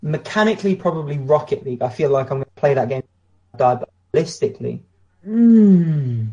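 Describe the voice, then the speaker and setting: A man's voice: on the high side, expressive, a little fast, mellow, muffled recording. A British man co-hosting a casual podcast chat, blunt and opinionated, telling anecdotes. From Britain. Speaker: podcast co-host.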